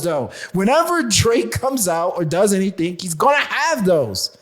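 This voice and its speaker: A man co-hosting a casual hip hop podcast, talking in an animated way with frequent restarts and laughs. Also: high-pitched, moderate pace, few pauses. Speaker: podcast co-host.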